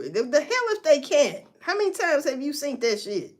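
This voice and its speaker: A woman's voice: high voice, sing-song, moderate pace. A woman hosting a casual livestream, giving blunt, profane commentary and talking straight to her viewers. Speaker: livestream host.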